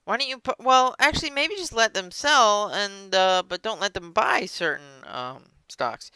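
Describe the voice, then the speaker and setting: A man voicing a pushy, smooth-talking businessman on a phone call, using high, loud, wheedling salesman patter. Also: lively intonation, unhurried, no echo, full character voice. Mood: coaxing.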